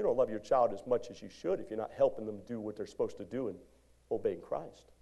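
A male pastor preaching a sermon in a church, animated, moving from shouts to hushed lines and calling out to the congregation. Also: on the low side, brisk, creaky. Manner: call-and-response exhortation to congregation. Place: church sanctuary.

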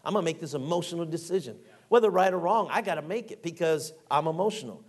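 A man preaching a sermon in a fairly high voice. He is middle-aged and folksy, slipping into little acted-out voices and reading scripture in a slower, measured way. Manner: folksy and animated, acting out quotes and reading scripture aloud.

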